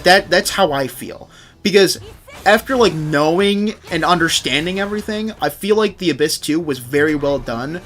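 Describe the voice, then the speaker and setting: Foul-mouthed young streamer, slightly high voice. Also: male voice, a bit bright. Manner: rambling, swears constantly, acts out game characters in quick asides. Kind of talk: casual livestream game commentary.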